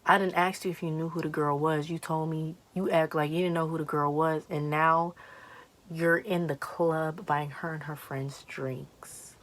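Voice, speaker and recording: A young woman vlogger telling a story in a casual, chatty way, animated and swearing freely, while she takes down her braids at home. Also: low-pitched, unhurried.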